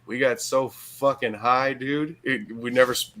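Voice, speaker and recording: A man's voice: medium pitch, steady tone, a little slow, a bit bright, poor audio. Laughing man telling a wild story. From Michigan. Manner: swearing, laughing hard through his own story. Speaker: podcast guest. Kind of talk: casual storytelling.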